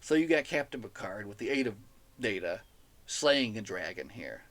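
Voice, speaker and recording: A man's voice: on the low side, very animated, normal speed, fairly bright tone. A man hosting a podcast, recapping a novel in a casual, enthusiastic way, chatty and laughing now and then at the silly plot. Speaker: podcast host reviewing a novel.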